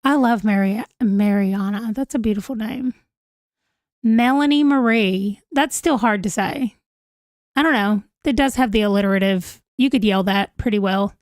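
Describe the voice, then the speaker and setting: A woman's voice: medium pitch, normal speed, no room sound, studio quality. A woman, chatting casually on a livestream at home, giggling as she reacts to viewer comments. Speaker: livestream host. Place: home room, holding a pet.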